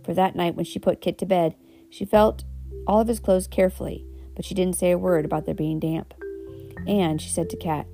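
A woman's voice: fairly low pitch, fairly even intonation, moderate pace, dark tone, soft background music. A woman reading a children's storybook aloud, with homely asides and self-corrections. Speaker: reader.

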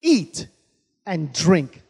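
A man's voice: a little high, sing-song, extremely slow, gravelly, darkish tone, husky. A man preaching a sermon as pastor, punctuating his points with calls of amen and hallelujah. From Australia. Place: large church hall. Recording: long hall reverb.

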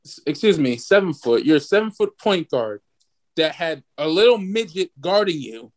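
A man in his twenties hosting a podcast, ranting excitedly and swearing freely in casual sports chat. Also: a little high, normal speed. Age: 20s. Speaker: podcast host.

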